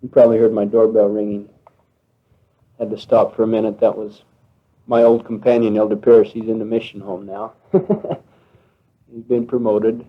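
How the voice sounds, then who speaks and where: A man's voice: lowish voice, little pitch movement, moderate pace, long pauses. A young American man on a mission abroad, chatting on a tape letter to his family at home, laughing often and sounding homesick. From United States. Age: young adult. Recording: lo-fi 1960s home tape, phone-like band.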